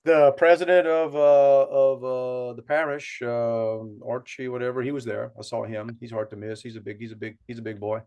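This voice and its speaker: A man's voice: medium pitch, steady tone, normal speed, hardly any pauses, a little mellow, clean tone, dull audio. A man with a South Louisiana accent, co-hosting a podcast and telling a long, rambling story with many restarts. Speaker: podcast co-host. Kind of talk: casual storytelling chat.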